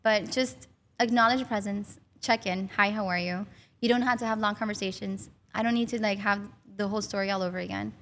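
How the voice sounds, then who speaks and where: A woman's voice: medium pitch, fairly quick, a little hiss or hum. A woman guest candidly telling her personal story in an interview. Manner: warm, candid, animated when recalling. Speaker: guest, bereaved mother.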